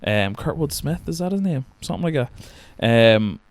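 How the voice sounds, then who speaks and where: A man rambles through a film chat, swearing often and breaking into laughs. His voice sits at an ordinary middle pitch, and the sound is dry and close, with no room around it. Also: expressive, moderate pace, dry recording. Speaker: podcast co-host.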